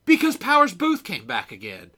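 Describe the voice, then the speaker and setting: A man's voice: high-pitched, huge pitch swings, moderate pace, sharp tone. A man co-hosting a podcast in casual chat, rambling and self-mocking as he goes. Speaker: podcast co-host.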